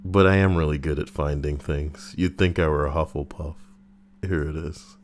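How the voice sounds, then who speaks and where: A man hosting a video, delivering an animated, profane commentary rant. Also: moderate pace, slight background noise. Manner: animated, profane, swinging up and down in pitch. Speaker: video host.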